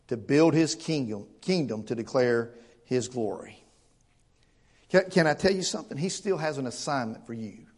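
A man's voice: high-pitched, a little mellow. A male pastor preaching a sermon to his congregation, earnest and emphatic, often stammering and repeating words and asking rhetorical questions.

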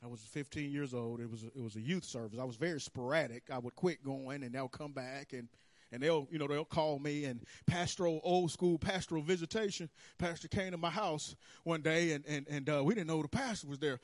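A man preaching a sermon, telling his own story with animated swings between hushed and loud. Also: fairly high pitch, a little fast, dry recording. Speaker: pastor. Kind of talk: sermon testimony. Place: church sanctuary.

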